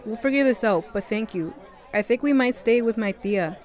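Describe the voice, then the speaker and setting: A woman's voice: on the high side, animated, normal speed, darkish tone, a faint crowd, natural voice. A young woman playing a stressed teenage girl. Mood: earnest. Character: seventeen-year-old Mexican-American girl, responsible and stressed. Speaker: narrator and lead.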